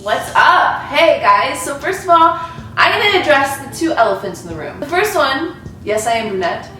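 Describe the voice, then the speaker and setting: A young woman in her twenties hosting a casual chat with her sister, giggly and animated in her storytelling. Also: high voice, moderate pace, recorded from a distance. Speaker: channel host. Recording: roomy echo, off-mic, faint hiss.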